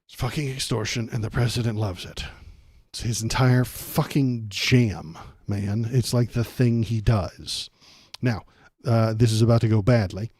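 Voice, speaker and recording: A man's voice: lowish voice, unhurried, darkish tone, husky, no echo, clean studio sound. A man hosting a political stream, ranting with sarcastic, profane exasperation.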